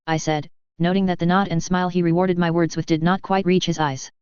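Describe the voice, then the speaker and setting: Very clear, dry story narration. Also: mid-range voice, level tone, fairly quick, few pauses, a little mellow, dry recording. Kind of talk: first-person audiobook narration of fan fiction. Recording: dry, slightly dull.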